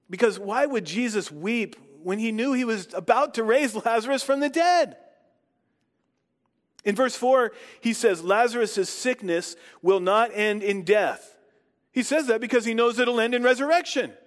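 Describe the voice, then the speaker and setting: A man's voice: very high-pitched, unhurried, pauses often. A man reading scripture aloud and then preaching on it, reflective and posing rhetorical questions. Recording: long hall reverb.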